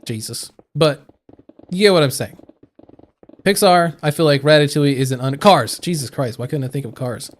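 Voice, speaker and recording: A man's voice: on the high side, moderate pace. A young man streaming live, chatting casually and rambling with lots of fillers and restarts. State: hiccuping.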